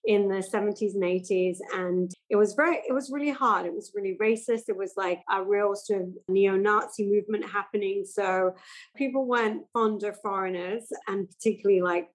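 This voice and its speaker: A woman, a podcast guest chatting casually and telling animated stories. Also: medium pitch, normal speed, poor audio. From England. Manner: animated storytelling, acts out quoted voices. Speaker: guest, entrepreneur and investor. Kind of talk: casual interview chat.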